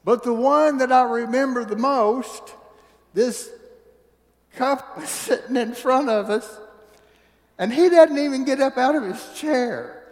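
High-voiced preacher in an echoey hall. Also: male voice, takes it slowly. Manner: folksy storytelling, swings from hushed to booming. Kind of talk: sermon. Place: church sanctuary. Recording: church hall reverb.

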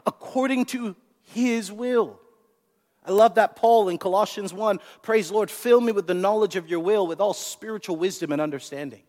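Guy preaching a sermon, pretty high voice, lively and repeats himself, big hall echo. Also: brisk, few pauses. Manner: animated preaching, repeats words, asks the congregation questions. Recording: long hall reverb.

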